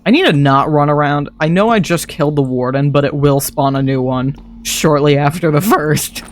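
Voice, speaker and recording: A man with a fairly high voice streams a modded game and talks to himself the whole time. His commentary is casual and chatty, and he thinks aloud as he plays. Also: moderate pace.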